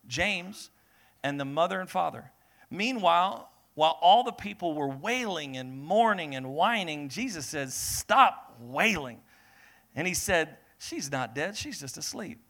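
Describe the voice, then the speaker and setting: Male pastor preaching with energy, slightly high and bright voice, builds to emphatic peaks. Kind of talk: sermon reading scripture with commentary. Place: church service with congregation.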